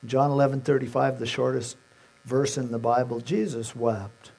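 Gravelly man preaching a sermon. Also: mid-range voice, moderate pace, darkish tone. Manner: conversational retelling of scripture, acting out the characters' words. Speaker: pastor.

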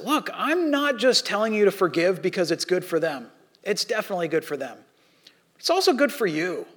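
A man's voice: high-pitched, a bit bright. A pastor preaching a sermon, telling a story from his childhood and acting out the scenes, sometimes stumbling and repeating words.

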